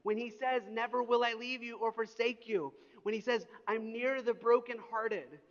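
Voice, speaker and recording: A middle-aged pastor delivers a sermon, telling stories with animated, mock-indignant energy. His voice sits high for a man. The sound is a little dull, and his words ring out in a large hall with long reverb. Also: moderate pace. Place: church auditorium.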